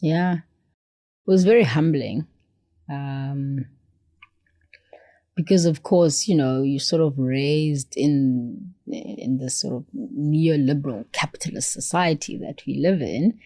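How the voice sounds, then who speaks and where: Expressive South African woman, low warm voice. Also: takes it slowly, no room sound, studio quality. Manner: expressive, acts out quotes with playful voices. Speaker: podcast guest, foundation CEO. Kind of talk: animated conversational storytelling.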